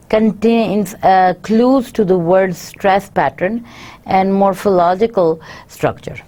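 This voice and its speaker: A woman's voice: medium pitch, slow pace, mellow. A woman lecturing, reading each point and then explaining it again in her own words, with frequent fillers. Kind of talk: university lecture, reading and paraphrasing.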